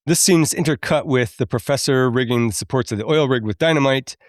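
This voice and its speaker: Podcast guy, talks at a middle pitch, laughs a lot, gets emotional, dry close mic. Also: fast talker, no echo. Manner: chatty, laughs often, openly emotional. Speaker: podcast host. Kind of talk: casual film recap.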